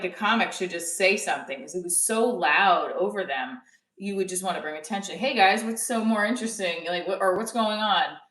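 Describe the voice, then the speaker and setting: A woman's voice: medium pitch, fairly bright tone, echoey room, recorded from a distance, low-quality recording. A woman comedian chatting casually on a live stream, rambling and cutting herself off as she tells a story. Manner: chatty, rambling, self-interrupting. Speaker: stand-up comedian.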